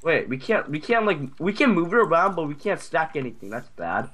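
A man's voice: a little high, fairly quick, a little hiss or hum. A man hosting a casual gameplay video, rambling with lots of fillers and yelping when things go wrong. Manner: excitable and rambling, full of fillers and yelps. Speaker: gaming video host.

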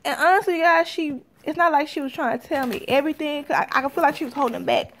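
High-voiced woman telling a story. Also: fast talker, slight background noise. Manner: chatty, addresses viewers directly. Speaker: vlogger. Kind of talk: casual storytelling to camera.

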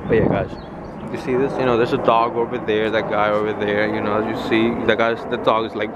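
A young man casually vlogging outdoors by the water in light rain, talking excitedly and slangily straight to his viewers on a handheld phone. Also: on the low side, brisk. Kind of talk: casual outdoor vlog chat. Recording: outdoor phone audio with street noise.

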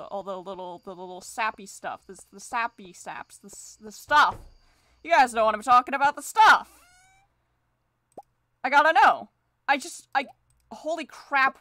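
A woman's voice: mid-range voice, pushed and bright, no room sound. A woman streaming a farming game, rambling in casual commentary, mocking herself and swearing freely.

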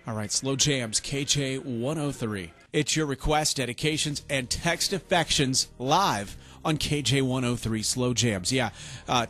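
Smooth late-night radio DJ man. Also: medium pitch. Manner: smooth, steady on-air patter. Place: radio studio.

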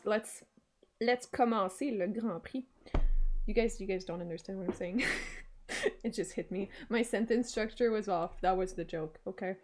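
A woman streamer giving live commentary as she plays, excitable, swearing and shrieking when things get fast. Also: medium pitch, faint music behind. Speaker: gaming streamer.

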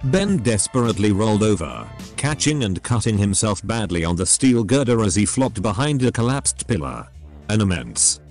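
A low-pitched synthetic male voice reads scripted story narration with a steady, machine-made delivery. Its pitch moves animatedly across sentences while faint music plays underneath. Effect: synthetic text-to-speech voice.

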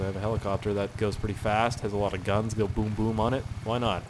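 A man's voice: on the low side, flat delivery, fast talker, hardly any pauses. A young man giving loose, joking, profane commentary while playing a video game. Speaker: gaming YouTuber. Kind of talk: gameplay commentary. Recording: game sounds and noise behind.

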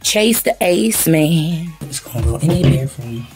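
Casting: woman in her 30s, relaxed home vlogger, chatty, faint music in the background. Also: low voice, unhurried. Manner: chatty, addresses viewers as y'all. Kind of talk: casual chat to camera.

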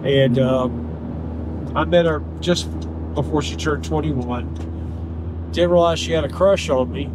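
Older man, Southern accent, chatty and playful, fairly high voice, noisy car interior. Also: takes it slowly, pauses often. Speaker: rideshare driver and podcast host. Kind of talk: casual chat. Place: inside a car.

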